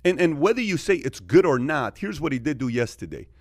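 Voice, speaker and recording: Animated man telling stories in a dry room. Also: fairly high pitch, brisk, no echo. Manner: animated storyteller, acts out quoted exchanges, frequent fillers. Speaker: podcast host. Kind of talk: casual podcast discussion.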